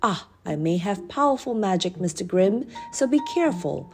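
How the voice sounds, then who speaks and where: A woman reading a storybook aloud and voicing a mischievous male pixie who chants and shouts gleefully. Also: medium pitch, big pitch swings, normal speed, soft background music. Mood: boastful.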